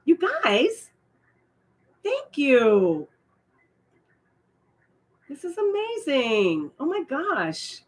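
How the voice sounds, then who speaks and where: A middle-aged woman runs a relaxed live stream and talks with her viewers, her trailing fillers often giving way to excited, surprised outbursts. Her voice sits high, and she speaks extremely slowly with frequent pauses.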